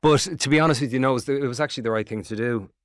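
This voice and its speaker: A middle-aged Irish actor in a casual interview, telling long rambling stories with lots of swearing. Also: male voice, medium pitch, racing, clear, resonant tone, dry recording, clean studio sound. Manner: rambling, animated storytelling with swearing. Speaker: actor guest.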